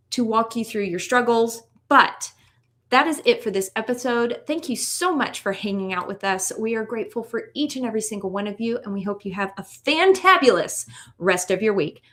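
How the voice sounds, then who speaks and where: A playful woman co-hosts a casual chat podcast, cheering her listeners on with jokes. Her voice sits a little higher than most women's. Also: fairly bright tone. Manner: playful, encouraging, jokey. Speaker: podcast co-host.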